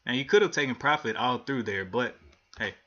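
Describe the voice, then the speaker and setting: Man, bright voice, live trading commentary, thinking aloud, frustrated, dull lo-fi audio. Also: medium pitch, brisk. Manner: frustrated, thinking aloud while watching charts. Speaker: livestream day trader.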